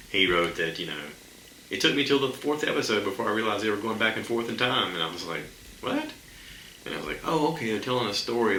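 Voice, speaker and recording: On his solo podcast, a man with a very low, deep voice chats loosely and rambles, circling back and piling up "um"s. Despite the low pitch, his tone is strikingly bright and forceful. He's recording in an echoey room with faint ambient hiss.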